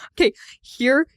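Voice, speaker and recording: A woman's voice: no echo, clean studio sound. A woman guest in a casual podcast chat, telling a made-up scene with playful sound effects and explaining it over and over. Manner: animated storyteller, makes sound effects, quick to explain.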